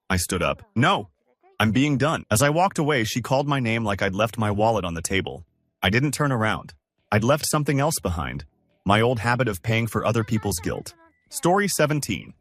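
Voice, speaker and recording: A man's voice: fairly low pitch, dry recording. A man narrating first-person relationship stories in a scripted reading style. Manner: steady storytelling, lines read one after another.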